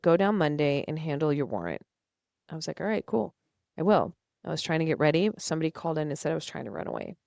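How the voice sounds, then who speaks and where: A woman's voice: low voice, clear, resonant tone, no echo, clean studio sound. A young woman, a podcast guest, telling her personal story earnestly and emotionally, acting out past conversations. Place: studio.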